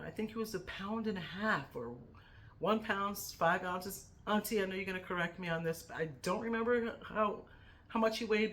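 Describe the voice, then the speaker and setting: A middle-aged woman speaking a heartfelt, emotional tribute to a family member in her vlog, fighting back tears. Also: lowish voice. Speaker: vlogger.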